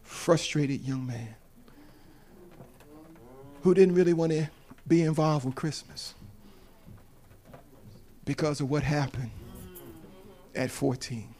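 A man in his fifties, a preacher giving a sermon that builds from quiet storytelling to shouted, tearful preaching. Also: on the high side, takes it slowly, pauses often. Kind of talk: sermon testimony.

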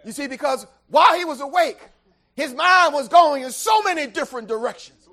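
Storytelling preacher building to shouts. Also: high voice, expressive, a little fast. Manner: vivid storytelling that builds to shouting, with call-and-response to the congregation. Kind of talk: sermon storytelling.

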